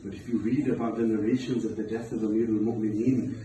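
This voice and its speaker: A man delivering a mournful sermon at a religious gathering, retelling a story and rising into loud, impassioned preaching. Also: fairly even intonation, fast talker, a little hiss or hum. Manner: rises to loud impassioned pitch as he recounts. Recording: echoey hall, far from mic.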